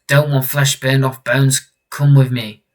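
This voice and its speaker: A man's voice: medium pitch, steady tone, slow pace, fairly bright tone, far from the mic. A man reading out a terse masked male vigilante who talks in clipped, broken sentences with dropped words. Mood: flat.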